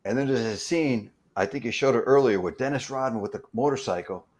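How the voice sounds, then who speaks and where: Sounding like an unscripted chat-show guest, a man with an average-pitched, slightly mellow voice tells casual anecdotes about his stunt work. His delivery is loose and conversational but halting, stumbling, repeating words and restarting phrases as he hunts for the next thought.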